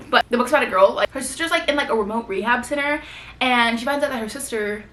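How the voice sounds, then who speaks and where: Talking fast in a fairly high, fairly bright voice, a young book vlogger chats about her new books, gushing, rambling and filling gaps with fillers. It's a casual book haul recorded with roomy sound in a room at home with a bookshelf.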